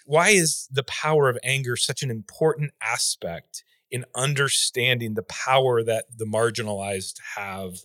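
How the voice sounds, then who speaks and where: A man's voice: mid-range voice, measured pace, few pauses, pushed and bright, dry recording, studio quality. A man hosting a podcast interview who asks thoughtful, carefully framed questions. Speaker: podcast host.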